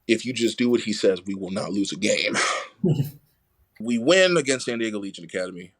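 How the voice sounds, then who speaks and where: A young adult man telling a story in casual conversation, animated and full of "like" fillers, acting out the quoted dialogue. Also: lowish voice, fairly quick. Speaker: rugby player, podcast guest.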